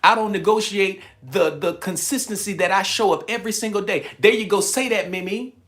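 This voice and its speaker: A man's voice: high-pitched, brisk, a bit bright. A man hosting a live stream, giving a preachy, emphatic motivational talk, reading out chat comments and laughing often. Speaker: livestream host.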